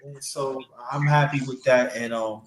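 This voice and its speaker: A man's voice: medium pitch, steady tone, measured pace. Rambling man on an echoey livestream. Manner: rambling, many fillers and restarts. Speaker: livestream host. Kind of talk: casual livestream chat. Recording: echoey room with background noise.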